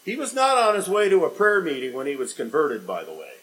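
A man preaching a sermon as a pastor, asking rhetorical questions and swinging between loud emphatic lines and quiet, low ones. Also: huge pitch swings, fairly quick, low-quality recording. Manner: dynamic preaching with sharp swings in loudness and pitch, rhetorical questions.

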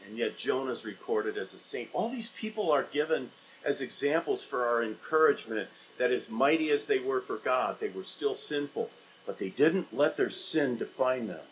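A man preaching a sermon as a pastor, asking rhetorical questions and swinging between loud emphatic lines and quiet, low ones. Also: expressive, normal speed, a little hiss or hum, poor audio. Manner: dynamic preaching with sharp swings in loudness and pitch, rhetorical questions.

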